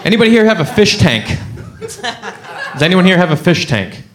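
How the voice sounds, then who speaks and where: A young male stand-up comedian tells a rambling story and acts out each character's voice. His pitch sits a bit high and swings widely. His delivery is animated throughout. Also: normal speed.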